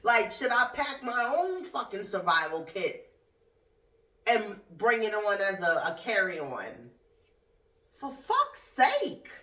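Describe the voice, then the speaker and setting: Animated, profane woman ranting, echoey room. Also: mid-range voice, slow pace. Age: adult with a school-age son. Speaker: podcast host. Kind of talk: casual comedic rant. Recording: roomy echo, distant from mic.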